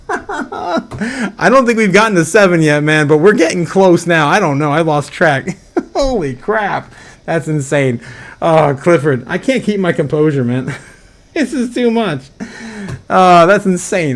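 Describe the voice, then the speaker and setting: A man hosting a casual livestream, reading out chat donations, laughing often and rambling with lots of fillers. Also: a little high. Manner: giggly and excitable, laughing often between lines; rambling with frequent fillers and repeats. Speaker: livestream host.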